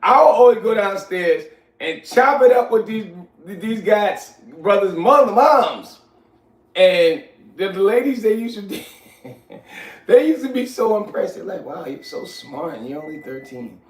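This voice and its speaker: A man, telling stories from his youth in casual, animated talk, often asking "you know what I'm saying". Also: high-pitched, measured pace. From New York. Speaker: host. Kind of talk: casual storytelling. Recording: echoey room, far from mic.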